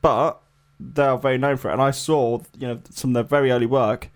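A man's voice: mid-range voice, fairly even intonation, brisk. A man co-hosting a casual music podcast, rambling with lots of fillers. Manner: rambling, many fillers and hedges. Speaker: podcast co-host. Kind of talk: casual chat.

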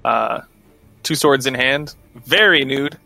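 A man playing a tabletop game, speaking with wry, deadpan humor. His voice is bright and mid-pitched. Faint music runs behind him. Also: slow pace, gravelly, no room sound. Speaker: player. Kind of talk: tabletop role-play.

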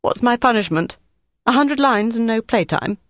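A man reading an audiobook, voicing an indignant, flustered young woman recruit in a high, petulant voice. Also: wildly swooping pitch, brisk, darkish tone, dry recording, clean studio sound, heavily acted. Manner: shrill, high-pitched and petulant. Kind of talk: audiobook character voice.

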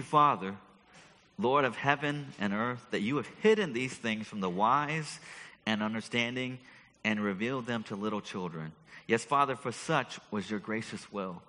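A man leading a church service, reading scripture slowly and with emphasis, then introducing the speaker. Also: fairly low pitch, sharp tone. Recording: long hall reverb.

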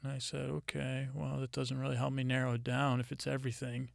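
A man tells a comedy story in a halting, deadpan ramble, stammering and restarting as he quotes both sides of a conversation. His voice is low-key and gravelly, held to a flat, narrow pitch. The sound is dry and close, with no room echo. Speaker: comedy podcast host.

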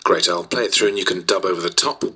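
A man's voice: deep voice, quick pace, bright, forceful tone, husky, full character voice. A man playing a dubbing studio engineer whose patience is wearing thin. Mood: businesslike. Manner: increasingly strained, patient then snapping. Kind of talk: sketch comedy acting.

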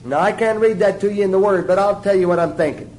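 High-voiced folksy man preaching. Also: fast talker, a little mellow, a little hiss or hum, low-quality recording. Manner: folksy, jokey, asks the audience questions. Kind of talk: informal sermon teaching.

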